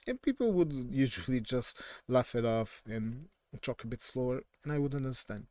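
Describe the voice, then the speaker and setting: A man's voice: medium pitch, animated, normal speed, hardly any pauses, mellow, no echo. A man from southern Portugal with a Portuguese accent, giving casual, opinionated political commentary in a digressive way and often correcting himself mid-sentence.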